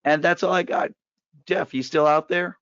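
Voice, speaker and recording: A hoarse man with a raspy voice, presenting a trading course in a direct, persuasive webinar pitch. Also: moderate pace, fairly bright tone, no room sound. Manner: direct, persuasive, walks through steps. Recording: dull, dry lo-fi webinar audio.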